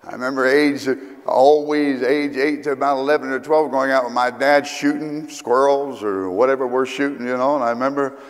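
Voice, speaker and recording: Male pastor, Kentucky drawl, mid-pitched, folksy, rambling jokey sermon, long hall echo. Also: fairly even intonation, normal speed, few pauses. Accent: Kentucky Southern. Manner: rambling, humorous, fillers. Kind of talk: storytelling sermon. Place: church sanctuary. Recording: reverberant church hall.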